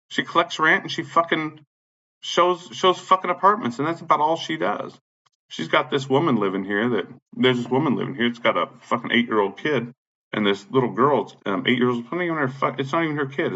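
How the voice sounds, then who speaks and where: A man ranting angrily about his neighbors and landlord, swearing constantly and admitting he is high. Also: pushed and bright, highs cut off. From Illinois. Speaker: tenant complaining about his apartment complex. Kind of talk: angry profane rant.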